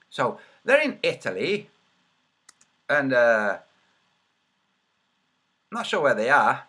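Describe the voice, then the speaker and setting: Muttering to himself as he searches, a man hosting a casual livestream then turns mocking and sarcastic in his commentary. His voice is fairly high and sharp.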